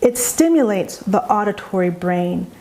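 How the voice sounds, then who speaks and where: Brief: a woman educator in a mid-range voice, guiding parents with slow, measured explanations. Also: mid-range voice. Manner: slow, calm, deliberate explanation. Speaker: educator for parents of young children. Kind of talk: instructional narration.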